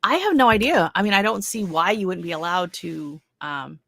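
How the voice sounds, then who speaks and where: A woman's voice: lowish voice, lively intonation, normal speed, vocal fry, a bit bright. A middle-aged woman from Canada chatting on her own livestream, rambling with fillers and restarts as she reads comments. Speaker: channel host on a livestream. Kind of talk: casual livestream chat reading comments.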